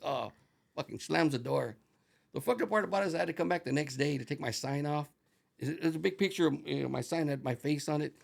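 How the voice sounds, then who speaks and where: A middle-aged man telling a profane, animated story as an interview guest, slipping into Spanish phrases as he acts out the dialogue. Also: a little high, fast, creaky. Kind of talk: casual storytelling.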